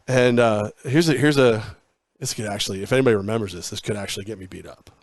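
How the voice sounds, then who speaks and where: A man's voice: on the low side, quick pace, no room sound. Rambling male storyteller in a dry studio. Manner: rambling anecdotes, acts out quoted dialogue. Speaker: guest, former sports radio host. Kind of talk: casual interview storytelling.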